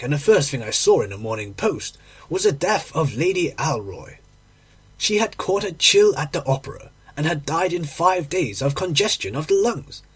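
A male audiobook reader delivering a classic tale with dramatic, emotional expression. His voice is strongly husky and breathy and sits a little high for a man. His pitch swings widely as he tells the story.

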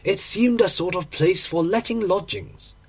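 A man's voice: sits high, unhurried, creaky, slightly rough. A man narrating a classic short story in a dramatic, emotional audiobook reading. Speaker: audiobook reader.

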